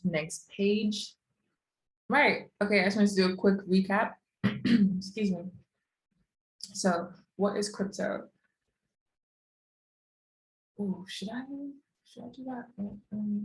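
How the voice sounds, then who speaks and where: A woman's voice: mid-range voice, fairly even intonation, takes it slowly, pauses often, roomy sound, low-quality recording. A young woman in her twenties teaching an online course lesson in a chatty, casual way, with lots of fillers and asides. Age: young adult.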